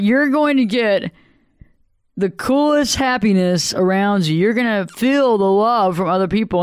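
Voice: mid-range voice, clear, resonant tone, no room sound, clean studio sound. A motivational speaker giving a conversational talk, asking the listener questions and acting out everyday greetings. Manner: acts out greetings in varied voices.

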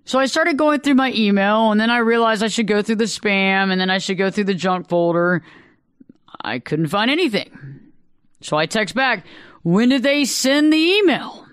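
Smooth-voiced radio talk host. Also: mid-range voice, moderate pace, a bit bright, no echo, clean studio sound. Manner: earnest, storytelling, repeats phrases for emphasis. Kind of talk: solo talk radio monologue. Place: radio studio. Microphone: studio microphone.

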